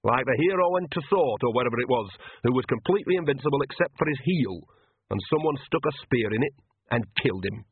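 A man's voice: medium pitch, animated, fast, husky. A man voicing a shameless, earthy old witch who talks bluntly. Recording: tinny phone-like dry sound.

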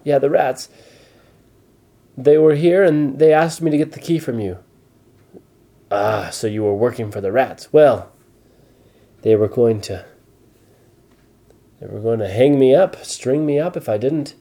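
A man voicing a small, excitable man in a bedtime story who talks in high, flustered bursts. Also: a little slow, pauses often. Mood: eager.

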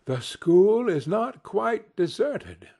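A man voicing a gentle, solemn male ghost who speaks mildly and with measure in a storybook reading. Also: high voice, sing-song, pitched above the performer's own voice, heavily acted. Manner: mild, measured.

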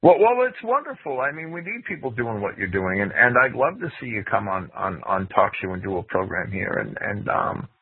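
Male talk host, stammering, lively ups and downs in pitch, dry phone sound. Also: fairly quick, few pauses, slightly rough, no echo. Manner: stammering, repeats words. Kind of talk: casual phone conversation. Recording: tinny phone line.

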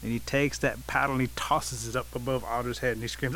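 A man telling an animal folk tale in English, setting each scene in a relaxed, vivid way. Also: mid-range voice, a little fast, few pauses, a crowd in the background, rough recording. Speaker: storyteller.

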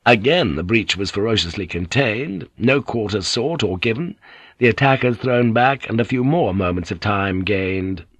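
A man narrating a novel in a steady, measured audiobook reading. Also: lowish voice, breathy edge, dry recording. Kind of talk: scripted narration.

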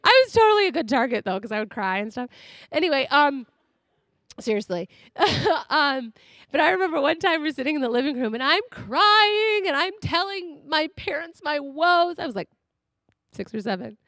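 Chatty, animated female preacher with a high voice and a dry, close sound. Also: moderate pace, dry recording. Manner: animated and chatty, laughs often. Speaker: speaker. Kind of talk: sermon.

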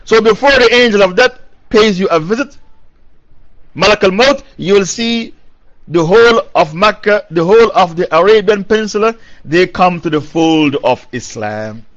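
Guy preaching a quran commentary, highish voice, recites arabic then explains, repeats stuff for emphasis, muffled old recording. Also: lively intonation, normal speed. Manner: emphatic, repeats key phrases. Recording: dull lo-fi recording.

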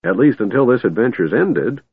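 A man's voice: medium pitch, sing-song, moderate pace, breathy edge, voice pushed up. A man voicing a doddering, cheerful old male wizard who rambles and insists, on a tinny, dry recording. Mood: cheery.

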